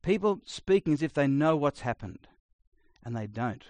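A middle-aged man preaching a sermon, blunt and conversational, swinging between loud emphasis and quiet asides. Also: on the high side, very animated, normal speed, dry recording. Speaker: pastor.

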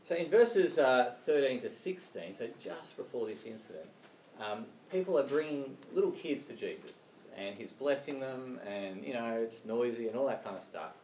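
A man's voice: mid-range voice, expressive, moderate pace, a little mellow, a little hiss or hum. A man preaching a sermon in a conversational way, often checking in with "right?" and "you know". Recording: roomy, distant mic with faint ambience.

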